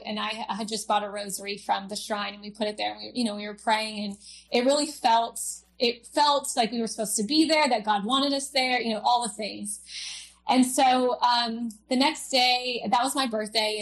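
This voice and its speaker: Young female guest sharing a personal testimony, halting and emotional, voice sitting a bit high. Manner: halting, emotional storytelling with many fillers.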